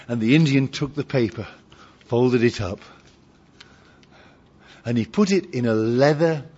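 A man preaching a sermon, climbing to loud emphatic peaks and dropping to quiet, low asides. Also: breathy edge. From Britain. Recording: dull lo-fi sermon recording.

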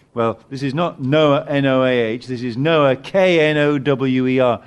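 A man preaching a sermon, animated and emphatic at times, with halting restarts as he searches for words. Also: medium pitch, clean tone. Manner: animated, rising to emphatic peaks.

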